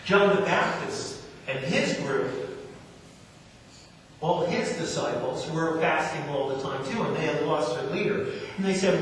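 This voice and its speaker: A man's voice: on the high side, animated, a little slow, fairly bright tone, slight background noise. A man preaching a sermon, telling a story and repeating key phrases for emphasis. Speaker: pastor. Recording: echoey hall, mic from far off.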